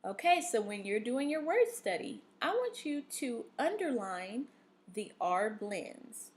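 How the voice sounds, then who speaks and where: A woman teaches a recorded reading lesson in an unhurried, patient way. Her voice sits a little high for a woman. She walks students through the steps, checks in often with "okay?" and fills pauses with "um.". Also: sing-song, a little mellow. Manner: patient, instructive, with frequent fillers and "okay?" checks.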